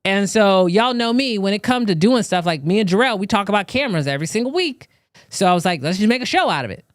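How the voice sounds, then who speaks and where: A man's voice: high voice, lively intonation, quick pace, no room sound, clean studio sound. A man hosting a live show, talking loosely and chatting straight to his viewers. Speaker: show host. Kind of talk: casual live-stream chat.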